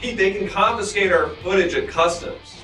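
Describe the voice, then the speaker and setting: A man's voice: sits high, moderate pace, pushed and bright, faint music behind. A man in an improv comedy scene, sounding anxious and exasperated. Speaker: improv performer playing a worried crew member. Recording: roomy, distant from mic.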